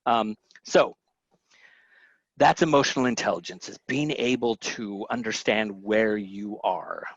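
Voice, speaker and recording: A man's voice: fairly low pitch, measured pace, no room sound. Chatty man presenting over dull webinar audio. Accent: Southern American. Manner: chatty, self-interrupting storyteller who acts out quotes. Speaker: webinar presenter on family health. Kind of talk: casual teaching talk.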